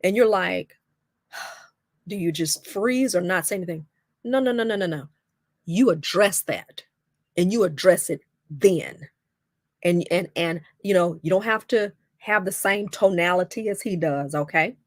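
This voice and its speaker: A woman's voice: on the low side, measured pace, no room sound, clean studio sound. A middle-aged woman hosting a livestream talk on relationships, speaking conversationally and emphatically, often checking in with "okay?". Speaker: host.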